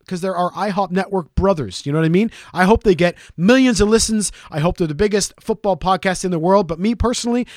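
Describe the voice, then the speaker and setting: A man's voice: sits high, no echo, clean studio sound. A man co-hosting a podcast, telling stories in casual, profane banter. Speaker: podcast co-host.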